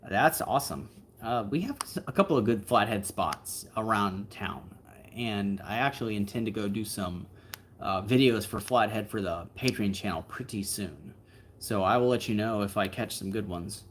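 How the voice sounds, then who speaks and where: A relaxed man hosts a livestream and chats loosely with his viewers. His voice sits a little low, and he rambles along with plenty of fillers and asides. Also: moderate pace, a little hiss or hum. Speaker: livestream host. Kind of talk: casual livestream chat, answering viewer comments.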